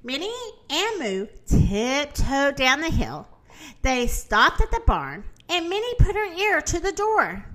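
Brief: animated woman storybook narrator, high, slow delivery. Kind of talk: reading a children's picture book aloud.

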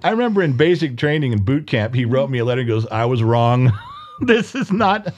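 A man's voice: on the high side, sing-song, fast, highs cut off. A middle-aged man co-hosting a podcast, chatting casually and acting out quoted family members as he tells stories. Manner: storytelling, acts out quoted voices. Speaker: podcast co-host. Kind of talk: casual chat.

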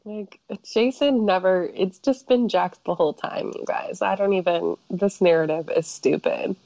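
A woman's voice: mid-range voice, moderate pace, creaky, warm tone, highs cut off. A woman from South Carolina co-hosting a casual chat, blunt and sarcastic, often laughing. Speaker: podcast co-host.

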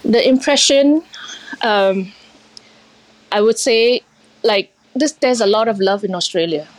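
A woman's voice: fairly high pitch, measured pace, no echo. A middle-aged woman from India who owns a restaurant, talking emotionally in an interview with many fillers and restarts. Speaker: restaurant owner.

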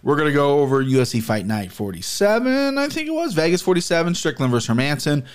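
A man hosting his own podcast, talking casually in a rambling, excitable way and swearing often. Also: fairly high pitch, fast, smooth. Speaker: podcast host. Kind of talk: casual solo podcast talk. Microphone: camera and podcast mic.

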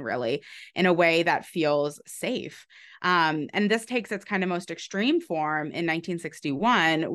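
A woman author explaining her research in a conversational interview, thoughtful, with frequent pauses and restarts. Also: on the low side, a bit bright. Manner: thoughtful, many "um"s and restarts, light laughs. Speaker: author guest.

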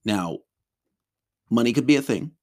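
A man's voice: medium pitch, expressive, a little slow, a little mellow. A man teaching a relationship course in a loose, conversational way, often acting out his clients' complaints. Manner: loose and conversational, many ums and restarts, acts out clients' complaints. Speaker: relationship coach. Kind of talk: casual spoken lesson.

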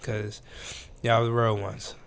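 A man's voice: fairly low pitch, little pitch movement, slow pace, slight background noise. A young man hosting a casual podcast, chatting in a laid-back slangy way and laughing often. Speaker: podcast host. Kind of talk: casual chat.

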